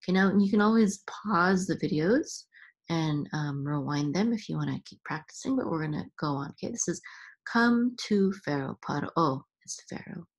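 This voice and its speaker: A woman teaching Hebrew reading in a patient lesson, sounding out syllables slowly and chanting the accent marks. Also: sits low, lively intonation, breathy edge.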